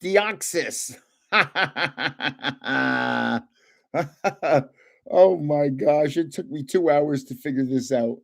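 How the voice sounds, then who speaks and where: A man's voice: fairly high pitch, extremely slow, creaky, pauses often, fairly bright tone. An older man hosting a casual live stream, chatting and joking as he guesses card names aloud. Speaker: livestream host opening trading cards.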